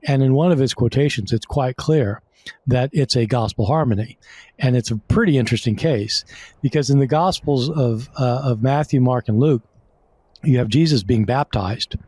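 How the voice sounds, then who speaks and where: Man, guest scholar, conversational, filler-heavy, mid pitch, dry. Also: moderate pace, mellow, breathy edge, no echo. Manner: conversational, many fillers and restarts. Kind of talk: explaining in an interview.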